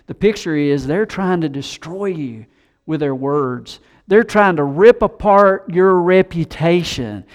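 A man preaching a sermon, animated, who acts out the voices of scoffers he quotes. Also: on the high side, unhurried. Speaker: pastor.

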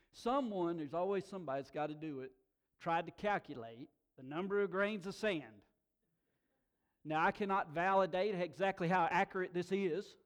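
A middle-aged pastor with a high voice preaches at a moderate pace. His sermon is warm storytelling drawn from his own life, with laughs along the way and emphatic emotional peaks.

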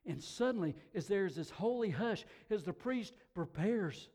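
A man preaching a sermon to a congregation, telling the story dramatically, dropping to hushed whispers and rising to shouts, often repeating words as he restarts. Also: high voice, lively intonation, a little slow. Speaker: pastor. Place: church hall, also broadcast on air.

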